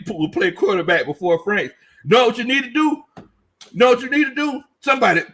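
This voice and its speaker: Hosting a casual sports commentary livestream, a man reads out chat comments and jokes around, repeating lines for emphasis. His voice is high-pitched, pushed and bright.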